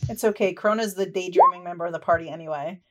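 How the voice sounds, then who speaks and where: A woman running a tabletop game as game master, describing scenes in a relaxed, chatty way with frequent fillers. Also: fairly low pitch, quick pace.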